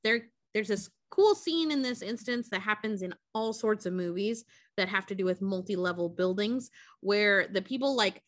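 A woman co-hosting a podcast, recapping a movie in a casual, profane, animated way. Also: mid-range voice, normal speed, no echo, studio quality. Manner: profane, animated retelling with quoted character voices. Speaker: podcast co-host.

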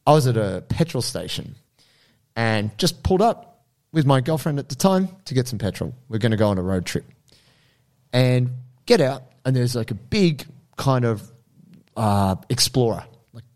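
A young man with an Australian accent, telling a story in casual, rambling chat. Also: medium pitch. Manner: animated, rambling, many fillers.

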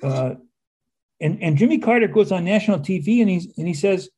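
Older male guest from the United States, husky and mellow, wry and rambling. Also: high voice, animated, fairly quick. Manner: rambling, with restarts and wry asides. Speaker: author and historian guest. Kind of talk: conversational interview.

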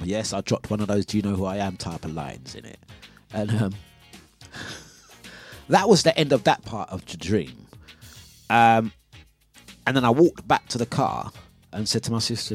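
A man, hosting a breakfast radio show and telling a story in a lively, casual way, acting out his own quotes. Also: fairly low pitch, moderate pace, long pauses, slightly rough, soft background music. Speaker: radio host. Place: radio studio.

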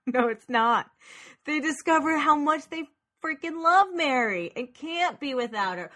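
A woman's voice: high voice, lively intonation, measured pace, fairly bright tone. A woman co-hosting a casual movie podcast, talking animatedly and laughing often as she plays up the plot's twists. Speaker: podcast co-host.

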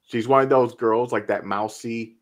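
A man's voice: medium pitch, fairly even intonation, moderate pace. A man co-hosting a podcast, giving blunt, profane commentary while watching a movie. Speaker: podcast co-host. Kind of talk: casual movie-watching chat.

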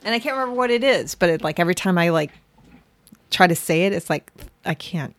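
A middle-aged woman co-hosting a casual chat, quick and excitable, full of "like". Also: fairly low pitch, no room sound. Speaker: podcast co-host.

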